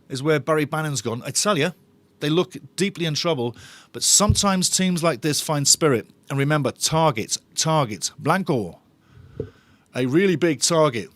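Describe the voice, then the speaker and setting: A man's voice: a little high, animated, moderate pace, a bit bright, dry recording. A man hosting a live football watch-along, chatting with viewers in a bantering, sarcastic way. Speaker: host of a football fan watch-along channel.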